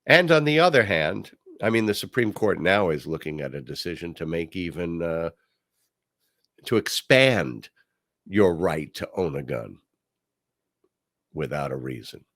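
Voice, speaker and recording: Unhurried and pausing often, this man hosts a podcast and shares a personal story casually, with lively intonation. He raises his pitch to act out what others said and goes low and hushed on side remarks, all in clean studio sound without echo.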